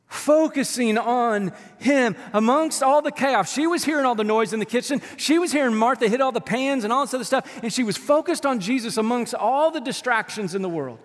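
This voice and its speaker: A man in his thirties preaching a sermon as a pastor, telling animated, humorous stories from the stage of a church. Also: very high voice, a little fast, few pauses. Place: church sanctuary. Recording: long church-hall reverb.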